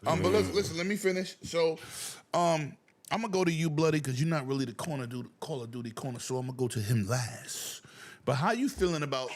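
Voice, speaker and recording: A man hosting a casual gaming chat who talks loudly and animatedly, often over other people. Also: on the high side, brisk. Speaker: show host.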